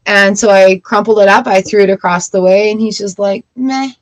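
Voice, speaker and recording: A woman's voice: mid-range voice, a little fast, low-quality recording. A young adult woman hosting a live tarot stream, chatting casually and telling funny stories with frequent laughter. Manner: animated storyteller, laughs often.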